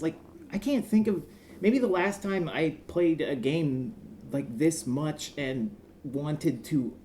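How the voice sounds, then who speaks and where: A man co-hosting a casual gaming podcast, animated and rambling, swearing freely. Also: fairly high pitch, a little hiss or hum. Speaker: podcast co-host.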